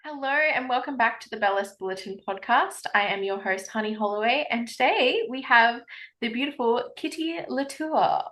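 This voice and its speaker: A woman's voice: fairly high pitch, normal speed, a bit bright. A woman hosting a podcast, chatting casually with a guest in a giggly, enthusiastic way. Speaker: podcast host.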